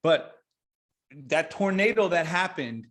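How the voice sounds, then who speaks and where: Blunt, animated man on a podcast. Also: on the high side, takes it slowly. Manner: blunt and swearing, rambling with restarts, builds into lively examples. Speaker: podcast guest. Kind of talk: casual conversation.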